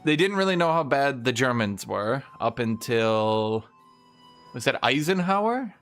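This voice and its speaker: A man streaming a game and ranting casually about history, opinionated and profane, with quick mock voices for the countries he talks about. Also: mid-range voice, very animated, fairly bright tone, soft background music. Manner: mimics historical nations in quick asides. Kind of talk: casual livestream rant while gaming.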